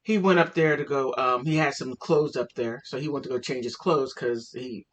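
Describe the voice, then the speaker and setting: A woman vlogger telling a funny family story in a chatty, animated way. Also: very deep voice, normal speed. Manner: animated, laughing, chatty with fillers. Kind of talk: casual comic storytelling.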